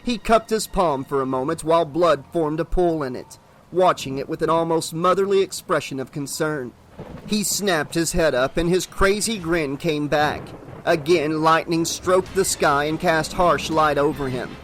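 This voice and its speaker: A man narrating a horror novel as an audiobook, steady and dramatic. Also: on the high side, moderate pace, a little hiss or hum.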